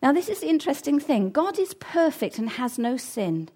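A woman's voice: high-pitched, big pitch swings, normal speed, mellow. A woman preaching a sermon in an earnest, conversational way, breaking off for casual asides.

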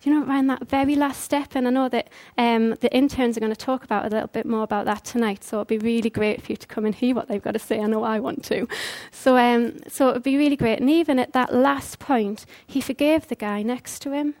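A woman's voice: fairly high pitch, fairly even intonation, brisk, hardly any pauses, darkish tone. A woman preaching a conversational sermon, earnest and full of rhetorical questions.

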